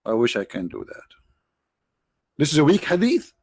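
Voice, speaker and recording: A man's voice: a little high, wildly swooping pitch, normal speed, a little mellow, breathy edge, dry recording, studio quality. A man hosting a live religious talk, joking and sarcastic, rambling to his viewers. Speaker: online show host.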